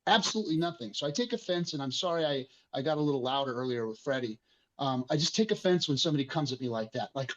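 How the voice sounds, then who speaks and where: A man's voice: medium pitch, expressive, quick pace, fairly bright tone, highs cut off. A man hosting an online community discussion, speaking passionately and emotionally with frequent swearing.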